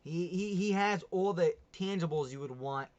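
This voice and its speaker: Young guy rambling on his sports stream, kinda high voice, muffled lo-fi sound. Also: moderate pace, a little mellow. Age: young adult. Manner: chatty, rambling, laughs at himself. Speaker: livestream host. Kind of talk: casual sports talk livestream. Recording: dull lo-fi stream audio.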